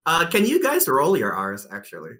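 Brief: man from Indonesia, native Indonesian, bright, slightly raised voice, giggly. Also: fairly high pitch, wildly swooping pitch, moderate pace. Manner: laughs a lot, hesitant fillers. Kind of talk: casual podcast chat.

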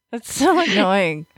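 A woman's voice: lowish voice, breathy edge, no room sound, studio quality. A woman in playful, giggly casual chat.

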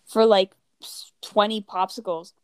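A teenage girl from the States tells stories in a loose, rambling way, filling her sentences with "like" and slipping into other people's voices. Her pitch sits in the middle range. The recording is dry and close, with no room sound. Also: steady tone, unhurried, a little mellow, clear, resonant tone, no echo. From United States. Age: teens. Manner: rambling, heavy use of "like", acts out quoted people. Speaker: guest telling travel stories. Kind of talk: casual chat.

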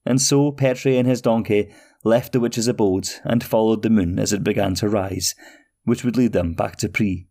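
A man hosting a storytelling podcast, reading a fairy tale in steady, expressive narration. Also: fairly low pitch, normal speed.

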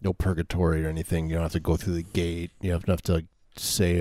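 A man with a very deep voice plays along in a casual comedy chat. His delivery is deadpan and halting, full of small fillers as he builds on the joke.

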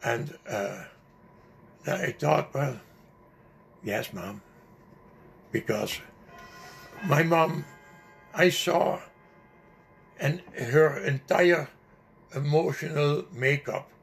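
An older man slowly recounting a personal memory in an interview, halting often with fillers and restarts. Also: a little high, creaky, faint music behind. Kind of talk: personal storytelling.

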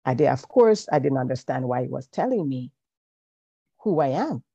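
Woman guest, mellow warm tone with some fry, pausing and thoughtful, dull recording. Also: a bass voice, very animated, dry recording. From Jamaica. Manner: hesitant, pauses with um, faith-filled. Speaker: podcast guest, counselor. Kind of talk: reflective personal storytelling.

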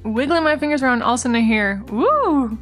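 A woman's voice: on the high side, very fast, faint music behind. Chatty young woman telling a story. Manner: animated storyteller, lots of "like". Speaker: co-host, guest sister. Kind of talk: casual storytelling chat.

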